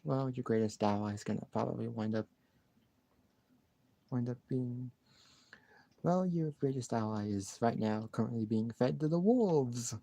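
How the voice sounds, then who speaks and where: A man's voice: mid-range voice, lively intonation, measured pace, creaky, long pauses, warm tone, dry recording. A man chatting casually on a live stream, rambling and repeating himself with sighs and restarts.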